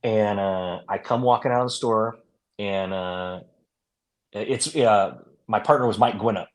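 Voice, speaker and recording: A man's voice: on the low side, measured pace. A man, a former police officer, telling stories in a casual, rambling way with many fillers. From California. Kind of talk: storytelling in a podcast interview.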